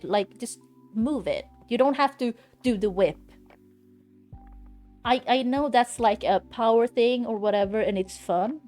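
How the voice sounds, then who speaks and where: A woman's voice: medium pitch, darkish tone. A woman streaming live from home, chatting casually in a blunt, ranting way and swearing freely.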